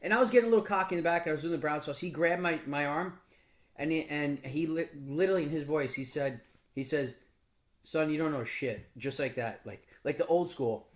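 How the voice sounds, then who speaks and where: Brief: higher-pitched man, casual motivational mentor, blunt, swears a bit, stumbles and restarts often. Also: fast talker. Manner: casual, blunt, with mild profanity; frequent restarts and repeated words. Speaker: business mentor speaking to a mastermind group. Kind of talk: motivational storytelling talk.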